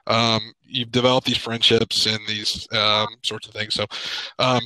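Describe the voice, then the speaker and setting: A man in a podcast video call, talking haltingly with many pauses and fillers, choked up with emotion. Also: fairly low pitch, flat delivery, sharp tone, clear, resonant tone, no echo, poor audio. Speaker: podcast panelist. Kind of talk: emotional casual chat. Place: home.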